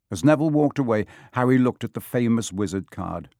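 A man reads a storybook audiobook aloud in an even, measured manner, delivering scripted narration. His voice sits at a medium pitch, and the recording is dry with clean studio sound.

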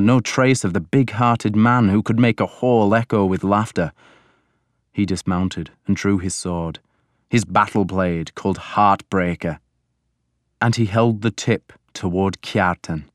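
Male audiobook narrator; deep, unhurried, measured, dry. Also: fairly even intonation, no room sound. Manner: measured, deliberate.

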